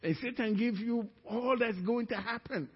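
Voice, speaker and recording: A middle-aged man from Africa preaches a sermon in a high, husky voice. He tells a story and acts out others' lines as he goes. The sound is dull and rings with a long church-hall reverb. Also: normal speed. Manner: storytelling, acting out quoted voices with rising pitch. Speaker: pastor.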